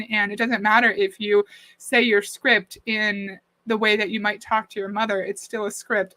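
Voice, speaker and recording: A woman's voice: mid-range voice, pushed and bright, no room sound, poor audio. A woman hosting a casual livestream, critiquing a video and reading out viewer comments in a conversational way. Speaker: livestream host reacting to a video. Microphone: desk mic.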